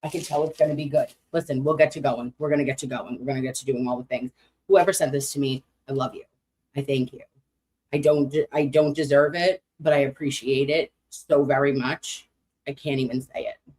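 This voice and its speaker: An American woman streaming casually to her chat, animated, cursing freely, and swinging up high when excited. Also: fairly quick. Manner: animated, swearing, talks to chat.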